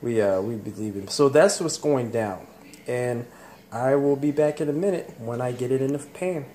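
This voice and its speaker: A man's voice: mid-range voice, normal speed. Southern man rambling over sizzling pan. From Southern United States. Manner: rambling, joking, talks to kitchen things. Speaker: home cook vlogger. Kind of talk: casual cooking vlog. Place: home kitchen, indoors. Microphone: handheld phone camera. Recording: loud sizzling pan noise.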